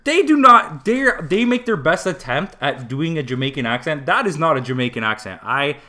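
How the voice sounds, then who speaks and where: A man's voice: medium pitch, fairly quick. A young man from Toronto, ranting and swearing in a casual movie review chat. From Toronto, Canada. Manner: animated, ranting, swears freely. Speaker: podcast co-host.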